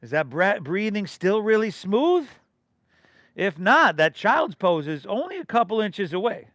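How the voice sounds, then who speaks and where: A man's voice: high-pitched, very animated, a little slow, fairly bright tone, no echo. A middle-aged man from leading a live yoga class, giving rhythmic breath and pose cues with casual, encouraging asides. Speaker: yoga instructor.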